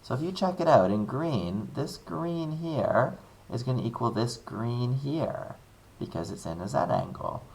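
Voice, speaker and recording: A man's voice: mid-range voice, huge pitch swings, a little slow, gravelly, a little mellow, a little hiss or hum. A male maths teacher talking through a worked example, chatty and upbeat, thinking aloud with playful asides. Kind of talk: screen-recorded maths lesson.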